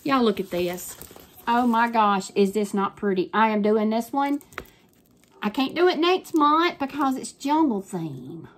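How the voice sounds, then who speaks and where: A woman's voice: fairly high pitch, a bit bright. An older woman with a Southern US accent, chatting casually and gushing through a craft unboxing with folksy phrasing. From Southern United States. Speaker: crafting YouTuber.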